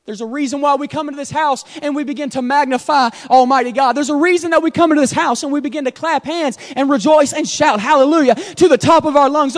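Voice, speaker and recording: A male pastor preaching a sermon in a church sanctuary, swinging from hushed storytelling to loud, shouted exhortation. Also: very high-pitched. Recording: long hall reverb.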